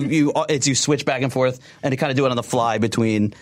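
A man's voice: mid-range voice, fast, hardly any pauses. A man talking casually as a podcast guest, rambling with tangents and laughing often. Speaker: voice actor guest.

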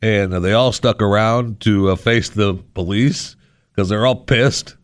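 A man with a fairly low voice holds forth as a radio talk show host. He rambles with sarcastic asides, close on a studio mic with a dry, dead sound. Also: unhurried, no echo. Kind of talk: casual radio monologue. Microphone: studio microphone.

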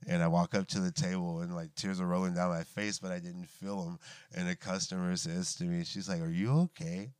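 A man's voice: deep voice, little pitch movement, brisk, clear, resonant tone, no room sound. A man in his thirties, a guest casually telling stories from his life, swearing freely and laughing as he talks. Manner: laid-back, swears often, laughs through stories. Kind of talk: casual storytelling chat.

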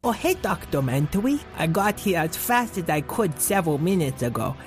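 Goofy dog president, someone doing the voice, all over the place pitch-wise, faint music behind. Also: sing-song, normal speed, lightly acted. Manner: goofy and rambling, with sudden squeaky jumps. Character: easygoing dog who is president.

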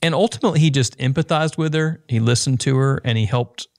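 A man's voice: mid-range voice, fast talker, a little mellow, no echo, clean studio sound. A man speaking as a podcast guest, telling his business story earnestly with frequent restarts. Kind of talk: casual podcast conversation.

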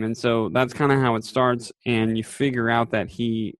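A man's voice: medium pitch, level tone, moderate pace, dry recording. Chatty man with a dry, close sound. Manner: rambling, many fillers, acts out quoted lines. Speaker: podcast co-host. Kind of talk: casual chat recapping a TV episode.

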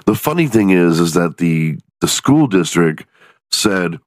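A man with a very deep voice hosts a casual comedy podcast, cursing freely as he tells stories and slips in quick mock voices for the people in them. He is from Texas. His voice is recorded close and dry, with no room sound. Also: no echo. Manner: profane, animated storytelling with mock voices. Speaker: podcast host.

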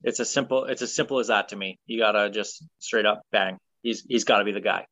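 A man's voice: fairly low pitch, a little fast, no room sound. Opinionated man on a football podcast. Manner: relaxed, opinionated, many ums and uhs. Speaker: sports podcast host. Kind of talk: casual sports talk.

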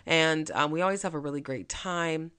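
A woman host and mentor giving a chatty, energetic motivational talk, with quick bursts of speech. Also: deep voice, smooth.

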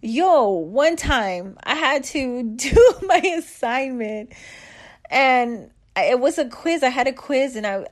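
A middle-aged woman giving life advice in a candid, chatty vlog, with frequent laughs and slangy asides. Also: on the high side. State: upbeat after a bike ride. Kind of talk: casual motivational chat.

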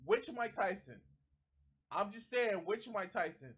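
A man's voice: high-pitched, animated, unhurried, fairly bright tone, husky. A man doing heated reaction commentary, ranting with profanity and mocking impressions. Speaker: commentary streamer.

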